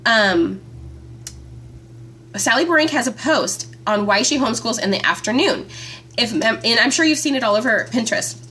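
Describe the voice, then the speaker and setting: A woman hosting a live stream from her phone, chatting with viewers by name in a chatty, excitable way. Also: fairly high pitch, moderate pace, long pauses, a little hiss or hum. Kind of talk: casual live-stream chat.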